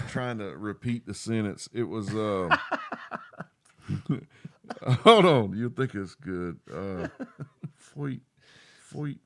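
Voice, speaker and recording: Friendly man with a lively, bouncing voice. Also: fairly low pitch. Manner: friendly, quick banter, lively intonation. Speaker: live stream co-host. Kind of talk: casual live stream chat.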